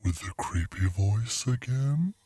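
A man putting on a creepy slow robot voice. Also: on the low side, expressive, mellow, no room sound, pitched below the performer's own voice. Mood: teasing.

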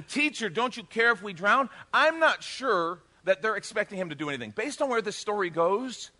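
A middle-aged male pastor preaching a sermon, telling the story with animated, joking delivery and acting out the characters' lines. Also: a little high. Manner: animated storytelling, acts out voices, jokes with the congregation.

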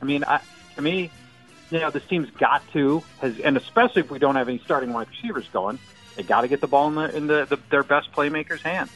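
A man's voice: fairly high pitch, fast talker, a bit bright, soft background music, poor audio. Joking, chatty male fantasy football analyst. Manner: joking, thinks aloud with many restarts. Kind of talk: casual sports radio chat.

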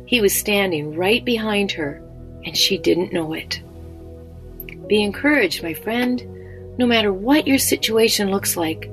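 A woman reading a scripted Bible devotional in a gentle, encouraging, measured way. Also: mid-range voice. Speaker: devotional speaker.

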